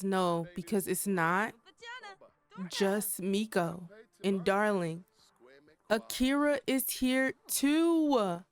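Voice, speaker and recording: A young adult woman giving casual, chatty commentary while playing a life-sim game, talking straight to her viewers. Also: mid-range voice. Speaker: gaming creator.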